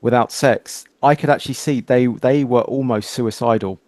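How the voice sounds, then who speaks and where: A man hosting a casual interview, animated as he tells stories and acts out quoted exchanges. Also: mid-range voice, normal speed, no echo. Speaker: podcast host.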